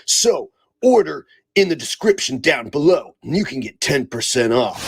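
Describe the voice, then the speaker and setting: Guy playing a salesy pitchman, husky gravelly voice, dry sound. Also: no echo, full character voice. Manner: salesy, mock-serious. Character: male infomercial pitchman host. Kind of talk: comedic parody.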